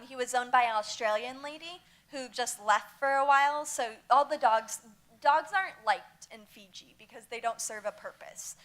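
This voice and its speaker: A young woman telling lively anecdotes from a mission trip to a church youth group. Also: on the high side.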